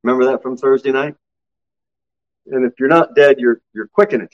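Fervent preacher man, lo-fi recording. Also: brisk. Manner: preaching with swings between low quiet asides and high loud exclamations. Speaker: pastor. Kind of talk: sermon.

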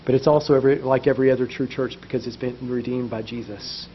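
A man's voice: medium pitch, fairly even intonation, fast, a little hiss or hum. A man preaching a sermon as pastor, with impassioned, repetitive emphasis that builds in intensity. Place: church basement. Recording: muffled lo-fi sound.

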